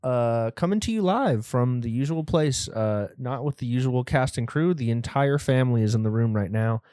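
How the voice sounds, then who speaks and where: A young man rambles through his casual comedy podcast in a close, dry sound with no room around him. He talks in a middling voice, halting and a little nervous, with plenty of ums and uhs. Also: mid-range voice, lively intonation, mellow, clean tone, no echo. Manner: rambling, nervous, with many fillers. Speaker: podcast host.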